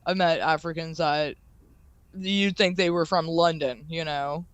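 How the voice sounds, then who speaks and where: A man's voice: on the high side, steady tone, a little slow, a bit bright, clean tone, no echo. A man chatting casually on a stream who rambles, says "like" a lot and makes fun of himself. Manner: rambling, says "like" often, self-deprecating. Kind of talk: casual chat.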